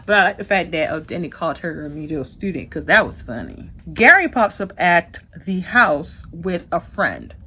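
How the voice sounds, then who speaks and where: A woman hosting a casual TV episode recap, retelling scenes in chatty, quick bursts. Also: fairly low pitch, sing-song, sharp tone, slightly rough. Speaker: TV recap host.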